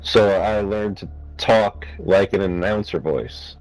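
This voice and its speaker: A man's voice: on the low side, slow, darkish tone, soft background music, low-quality recording. A man with a New Jersey accent, stoned, rambling and restarting his words in casual chat while gaming on a headset. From North Jersey, USA. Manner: rambling, stumbles and restarts words, laughs often. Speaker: gamer.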